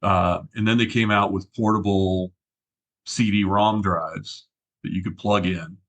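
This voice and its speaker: A man's voice: deep voice, fairly even intonation, measured pace, fairly bright tone. A man, a regular guest on a tech podcast, chatting and reminiscing with many fillers. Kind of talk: casual podcast chat.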